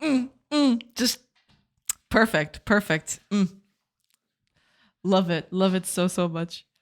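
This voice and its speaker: A woman chats on a live stream in a bouncing, animated voice at a medium pitch. She laughs often as she reacts to her viewers. When she hunts for a word, she stumbles over it and repeats it. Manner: halting, repeats words while searching for them. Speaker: game developer streaming live. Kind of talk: casual live-stream chat.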